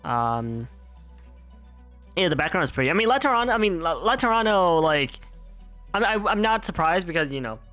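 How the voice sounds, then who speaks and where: A male streamer chats casually while playing, rambling and restarting his sentences. His pitch is lively, swinging up and down as he talks. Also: normal speed, pauses often, faint music behind. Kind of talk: casual game playthrough commentary.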